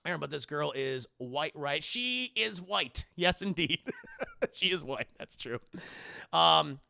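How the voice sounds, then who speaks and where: A man recapping a TV episode on a live stream in a casual, animated, profane way, often addressing his chat. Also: a little high, slow pace, vocal fry, dry recording, studio quality. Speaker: streamer and TV reviewer.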